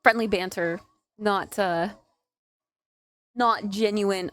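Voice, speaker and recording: A woman's voice: medium pitch, moderate pace, pauses often. Giggly young woman streamer chatting. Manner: giggly, chatty, filler-heavy with "like". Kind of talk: casual live-stream chat.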